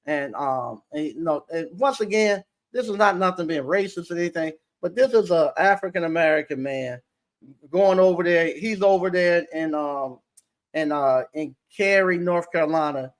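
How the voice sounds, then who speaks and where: A man, an appliance repair business owner, telling stories in a casual interview with a halting, rambling delivery full of restarts. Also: fairly high pitch.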